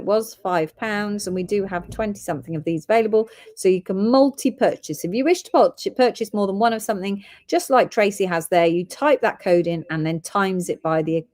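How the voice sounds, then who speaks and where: A woman's voice: mid-range voice, a little mellow. A woman hosting a live gem sale, chatting and reading out orders and codes.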